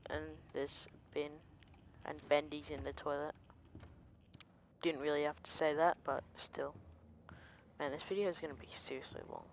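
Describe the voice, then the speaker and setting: A game player giving quiet let's-play commentary, talking softly and easily startled. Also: medium pitch, fairly even intonation, normal speed, gravelly, pauses often, slight background noise.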